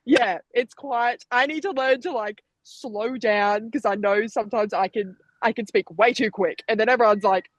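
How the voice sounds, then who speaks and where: A young Australian woman in her twenties, chatting casually as an athlete guest, quick and talkative with frequent laughter. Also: on the high side, no echo, poor audio. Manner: chatty, laughs often, fast bursts. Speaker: Olympic sprinter, guest. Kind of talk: casual interview chat.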